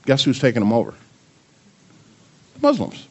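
Animated older man preaching a sermon. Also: medium pitch, normal speed, breathy edge. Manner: animated, asks the audience many questions; playful with his grandchildren. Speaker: pastor.

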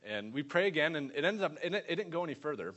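A man preaching, telling a lively testimony story and acting out the people in it. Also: on the high side, fast, dull audio. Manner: animated storyteller voicing others in quotes.

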